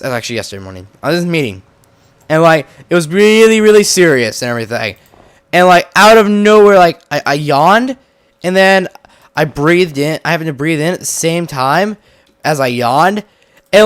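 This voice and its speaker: A young man hosting casual gameplay commentary, talking in an excitable, rambling, jokey way and poking fun at himself, a little congested from a cold. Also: high-pitched, no echo, studio quality. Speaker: Minecraft let's-play host.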